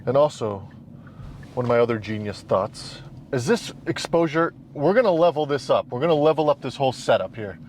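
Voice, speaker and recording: A man's voice: medium pitch, animated, a little fast, darkish tone, a little hiss or hum. Playful young man vlogging from a car. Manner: playful, self-mocking hype. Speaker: fitness vlogger. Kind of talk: casual vlog talk to camera.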